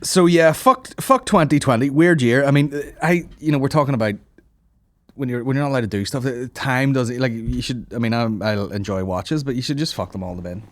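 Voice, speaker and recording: A man's voice: mid-range voice, a little fast, dry recording. A man hosting a comedy podcast, telling rambling sweary stories in casual banter. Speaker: podcast host.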